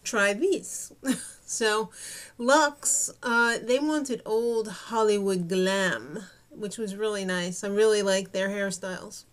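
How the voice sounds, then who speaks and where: A woman's voice: mid-range voice, slow. A young woman giving a snarky, gossipy recap of a reality show. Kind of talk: casual TV recap commentary.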